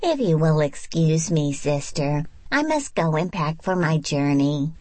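A woman reader voicing a soft-hearted, dreamy woman who speaks mildly and wistfully. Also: low-pitched, sing-song, a little slow, no room sound, exaggerated voice.

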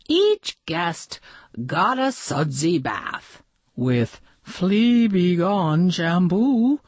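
A woman reading a children's storybook aloud in an expressive, lively way. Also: fairly low pitch, slightly rough, dry recording. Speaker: storybook reader.

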